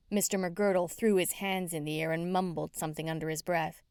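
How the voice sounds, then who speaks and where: A woman's voice: on the low side, steady tone, normal speed, clean tone, no room sound, clean studio sound. A woman narrating a cozy first-person story in a wry, chatty way. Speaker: audiobook narrator.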